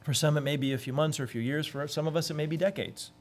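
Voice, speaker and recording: A man delivers a sermon in an earnest, heartfelt way. His voice sits a little high for a man. He lifts into livelier tones when he acts out the people he quotes. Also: quick pace, soft background music. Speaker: pastor.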